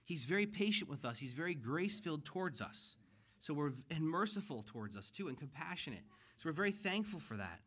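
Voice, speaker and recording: With a fairly high, bright, very animated voice, a middle-aged pastor speaks a little fast as he preaches in his church sanctuary. His sermon is earnest and conversational, gaining emphasis as he unpacks scripture.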